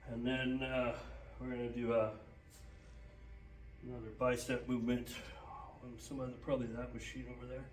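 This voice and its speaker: Winded gym trainer, echoey and distant. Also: male voice, medium pitch, flat delivery, normal speed, pauses often. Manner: breathless, coughing between sets, loose and profane. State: out of breath. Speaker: fitness trainer. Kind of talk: casual gym workout talk.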